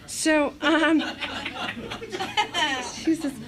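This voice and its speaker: A woman's voice: high-pitched, little pitch movement, drawn-out words, crowd noise, noisy background. A middle-aged woman from California giving a candid recovery share at a meeting, blunt, profane and self-mocking, with a lot of fillers.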